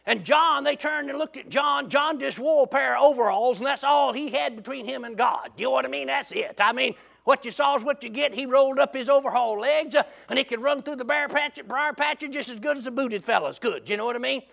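A man preaching, telling a folksy story in a lively, drawling way. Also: very high-pitched, a little fast, gravelly, hardly any pauses.

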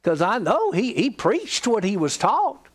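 A man's voice: sits high, wildly swooping pitch, a little slow, slightly rough. A middle-aged man from Georgia with a Southern accent, preaching a sermon with folksy, humorous storytelling. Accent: Southern American. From Georgia, USA. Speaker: pastor.

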